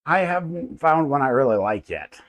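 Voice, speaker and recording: American man, 30s, streamer; slightly high, rambling, friendly greetings, stumbles and restarts. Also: very animated, normal speed. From United States. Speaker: livestream host. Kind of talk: casual live chat with viewers. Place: home workshop with a 3D printer.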